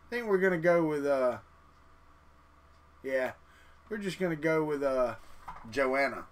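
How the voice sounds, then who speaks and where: A man's voice: a little high, expressive, a little slow. A man hosting a casual live stream, chatting and muttering to himself as he clicks through settings. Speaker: livestream host.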